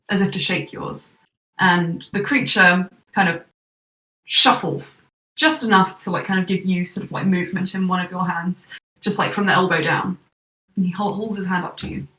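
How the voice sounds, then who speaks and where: A woman narrating as game master of an online tabletop game, chatty and rambling, with a slightly hoarse throat. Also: mid-range voice, normal speed, pauses often, pushed and bright, echoey room, low-quality recording. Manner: chatty and rambling, lots of fillers, laughs easily.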